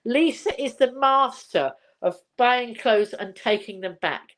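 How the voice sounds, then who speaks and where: A woman's voice: fairly high pitch, unhurried, a bit bright. An older woman from England hosting a casual live chat at home, rambling cheerfully, laughing often and reading viewer comments aloud. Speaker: livestream host.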